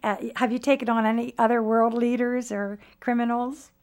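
A woman hosting an interview, asking brisk, playful questions. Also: a little high, little pitch movement, darkish tone. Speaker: host.

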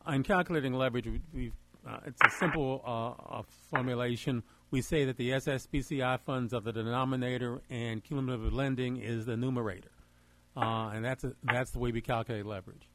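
A man's voice: mid-range voice, steady tone, brisk, noisy background. A man on a call explaining a calculation plainly, step by step.

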